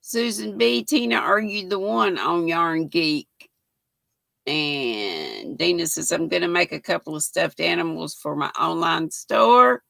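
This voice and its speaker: An older woman hosts a relaxed livestream, her voice gravelly with fry yet bright at the top, and she takes her time between words. She chats warmly with viewers, reads their comments, and keeps thanking them. The sound is close and dry. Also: fairly low pitch, dry recording. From United States. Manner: chatty, thanks viewers often, laughs easily. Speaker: livestream host. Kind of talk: casual livestream chat reading comments.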